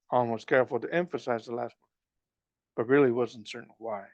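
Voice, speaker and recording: A man reading a novel aloud, halting and restarting as he goes. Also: mid-range voice, steady tone, no echo, muffled recording. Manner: halting, with frequent restarts and slips. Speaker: reader.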